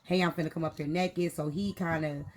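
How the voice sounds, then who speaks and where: A woman hosts a casual live stream with a low voice. She reasons things through in a loose, conversational way. Steady noise sits under her voice in the stream audio. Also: fairly quick.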